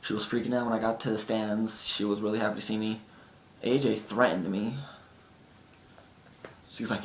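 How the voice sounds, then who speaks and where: A man's voice: expressive, normal speed, pauses often. Chatty man vlogging in an echoey room. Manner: chatty, often acts out friends' lines. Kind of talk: casual storytelling to camera. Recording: echoey room with faint rumble.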